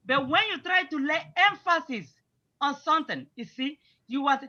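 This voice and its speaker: A woman teaches grammar over a video call, patiently walking students through examples that mix English with Igbo phrases. Her voice is bright and sits a little high. The audio is dull and lo-fi, like a web call. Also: lively intonation, moderate pace. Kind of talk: online class teaching.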